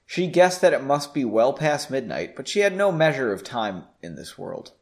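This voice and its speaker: A man's voice: mid-range voice, very animated, moderate pace, vocal fry. A man hosting a podcast in a home basement studio, reading his own story aloud and breaking off for joking, self-deprecating asides.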